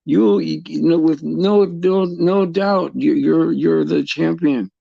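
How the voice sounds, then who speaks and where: A middle-aged man hosting a casual faith talk for viewers, halting and repeating words as he restarts his sentences. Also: a little high, creaky, no room sound, dull audio. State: tearful at times. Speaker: host.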